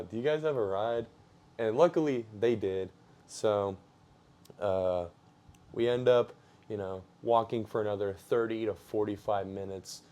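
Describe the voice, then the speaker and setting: A man's voice: on the low side, darkish tone. A young man telling a story in a casual, slangy way, with loose fillers and laughs.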